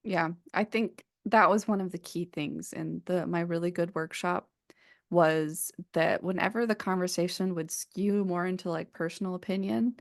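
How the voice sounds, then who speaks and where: A woman co-hosting a casual podcast chat, her voice carrying a gravelly, creaky edge. She talks in a chatty, rambling way, full of fillers and restarts. The sound is dry and close, with no room around it. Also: lowish voice, moderate pace, no echo. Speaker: podcast co-host.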